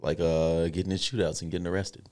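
A man in his twenties co-hosting a podcast, chatting casually and telling animated stories, acting out quoted dialogue. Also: low voice, fast talker. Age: 20s. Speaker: podcast co-host.

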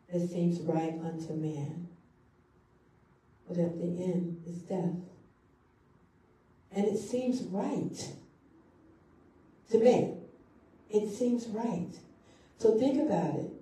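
A woman's voice: on the low side, mellow. A woman pastor preaching a sermon, repeating key phrases for emphasis. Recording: echoey hall from far off.

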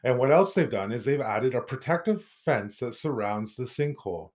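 A man's voice: medium pitch, lively intonation, normal speed, a little mellow. A man from Canada co-hosting a podcast, bantering in a joking, self-mocking way. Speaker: podcast co-host.

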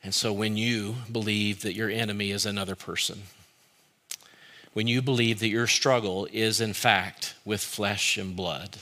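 A man preaching a sermon as pastor, shifting between loud animated bursts and quiet, slow emphasis. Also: fairly low pitch. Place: church service streamed online.

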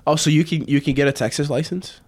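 A man's voice: a little high, steady tone, fast. A young man co-hosting a podcast, explaining his training in a blunt, matter-of-fact casual chat. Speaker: podcast co-host, grappler.

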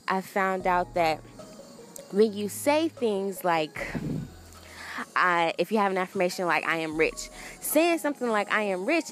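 A young woman hosting a solo podcast, talking in a casual, earnest and rambling way with many fillers and restarts. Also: mid-range voice. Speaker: podcast host.

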